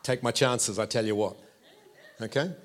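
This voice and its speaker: A man, preaching a sermon with animated storytelling and playful asides to the congregation. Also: on the low side, moderate pace. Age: 50s.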